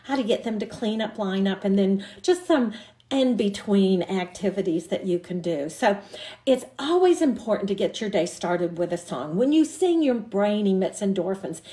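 A woman's voice: medium pitch, lively intonation, moderate pace, mellow. Upbeat woman teaching songs to teachers. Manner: upbeat and encouraging, breaks into sung demonstrations. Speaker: early childhood educator giving a teacher workshop. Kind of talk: teacher training talk with demonstration songs.

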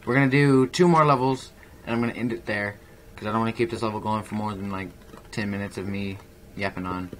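Young man, low voice, casual gameplay commentary, rambling and self-mocking, faint hiss behind. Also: steady tone, fast, a bit bright. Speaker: gaming YouTuber.

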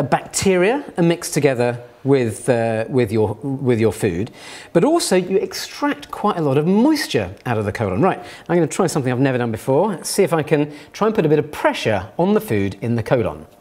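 A man's voice: a little high, a little mellow. A man presenting a playful science demonstration, jokey and theatrical, gleefully narrating what he does.

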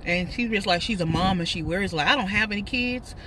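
A woman's voice: mid-range voice, fast, distant mic, background noise. A woman in her thirties with a Texas accent, chatting casually and laughing while she eats in her parked car. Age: 30s. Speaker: vlogger. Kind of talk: casual car mukbang chat.

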